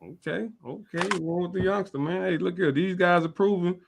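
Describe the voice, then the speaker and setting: A man's voice: high-pitched, steady tone, normal speed, creaky, noisy background. A man hosting a casual sports interview, laid-back and full of slang as he gives advice. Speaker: host.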